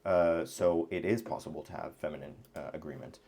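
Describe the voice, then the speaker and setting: A man's voice: a bass voice, brisk, gravelly, darkish tone. A man teaching a language lesson at his computer, talking casually and thinking aloud, with many fillers and restarts. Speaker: Arabic teacher.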